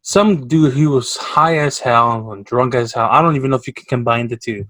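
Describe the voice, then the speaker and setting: In a clean recording with no room sound, a man from Canada co-hosts a podcast at normal speed, his voice mid-range. He animatedly recounts work stories in casual conversation, getting louder for quoted lines.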